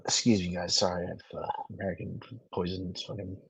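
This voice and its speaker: A man's voice: low voice, little pitch movement, fast talker, vocal fry, breathy edge, no echo, faint music behind, rough recording. Profane swaggering man commentator. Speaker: streamer reacting to clips. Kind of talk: crude casual commentary.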